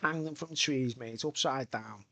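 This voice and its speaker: A man's voice: mid-range voice, unhurried, gravelly, pushed and bright, no room sound. A middle-aged man, chatting loosely and swearing on a live stream from home. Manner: swearing, rambling, chatty, laughs a lot. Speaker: livestreamer. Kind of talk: rambling casual live-stream chat.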